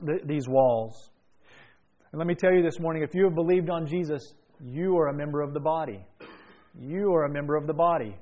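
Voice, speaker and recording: Male pastor, pitch a touch high, earnest sermon storyteller. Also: darkish tone. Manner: earnest storytelling, repeats lines for emphasis. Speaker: preacher.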